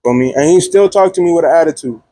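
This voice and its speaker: A young man telling a story to camera as a student vlogger, animated and profane, checking in with the viewer constantly. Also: fairly high pitch, quick pace, dry recording. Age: young adult. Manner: animated, profane, keeps checking in with 'feel me', 'right?'. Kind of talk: casual storytelling vlog.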